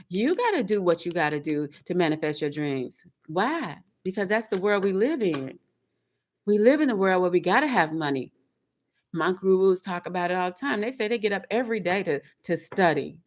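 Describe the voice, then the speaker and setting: Emphatic woman preaching motivational self-talk. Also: medium pitch. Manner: preachy, emphatic, repetitive, speaks in affirmations. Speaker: tarot reader.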